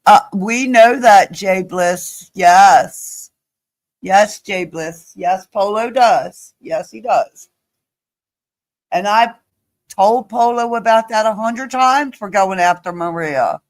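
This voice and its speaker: A woman's voice: mid-range voice, slow. A woman live-streaming in a heated, profane rant, upset and pleading with someone in her chat, sniffly from crying. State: sniffly, blowing nose.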